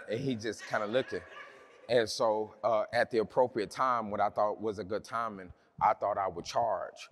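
A man's voice: lowish voice, normal speed. A man preaching a sermon, telling a personal story in a conversational, humorous way with many restarts.

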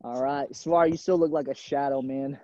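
Medium-pitched and warm, the man speaks at a moderate pace with fairly even intonation, though the recording is muffled. He coaches kids in a live virtual gymnastics class from a gym, using a video-call camera mic, offering encouragement and nicknames.

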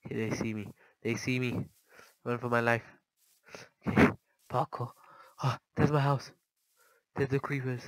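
A man giving casual, chatty commentary over his gameplay, easily startled and quick to panic. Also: mid-range voice, fairly even intonation, no room sound, rough recording. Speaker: gaming channel host.

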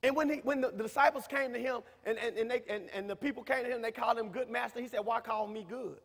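A man, preaching a sermon in a church, who repeats himself and rises to shouts. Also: extremely high pitch, steady tone, quick pace. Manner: preaching, rising to shouts, talkative, repetitive. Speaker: minister. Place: church sanctuary. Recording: reverberant church hall.

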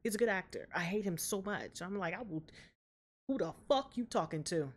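Loud, profane young woman yelling at the screen. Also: mid-range voice, fairly quick. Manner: loud, profane, animated trash talk at the screen. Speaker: reaction video host. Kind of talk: casual reaction commentary.

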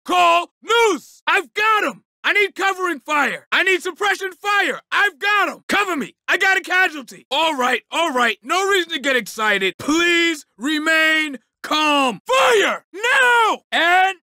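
A man's voice: very high-pitched, lively intonation, slow pace, few pauses, sharp tone, no room sound, shouting, clean studio sound, exaggerated voice. A man voicing a short-tempered male police officer in a video game, barking insults and orders. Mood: commanding.

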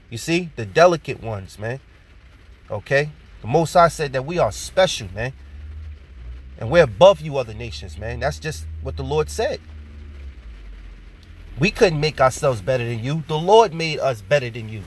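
A man giving an informal sermon. He reads scripture slowly, repeats his points and ends many phrases with "man". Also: medium pitch, lively intonation, husky. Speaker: preacher.

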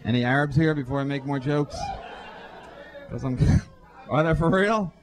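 A man performing a profane stand-up routine on a comedy club stage, throwing quick asides to the crowd through a handheld mic. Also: a little high, lively intonation. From Irish-American.

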